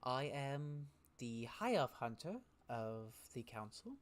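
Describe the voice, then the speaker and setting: A composed high elf huntress, as a game master puts her on, ageless and sure of herself. She speaks quickly in a hushed, self-assured voice. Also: lively intonation. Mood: poised.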